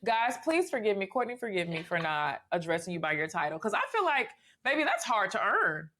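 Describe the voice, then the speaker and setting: Sassy Southern woman host, playful chat, expressive pitch. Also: brisk. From Memphis, Tennessee. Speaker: podcast host. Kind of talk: casual interview chat.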